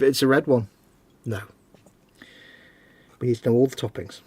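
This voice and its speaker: A man's voice: mid-range voice, normal speed, darkish tone, husky, dry recording. A man co-hosting a casual live stream, joking around and reading out chat messages. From United Kingdom. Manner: jokey, reads out chat messages.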